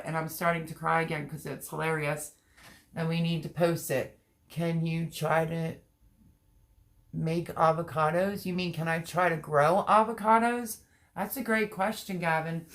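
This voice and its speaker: A woman hosting a casual gardening livestream, reading viewer comments aloud, her voice strained from laughing and crying. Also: lowish voice. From Pennsylvania. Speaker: livestream host.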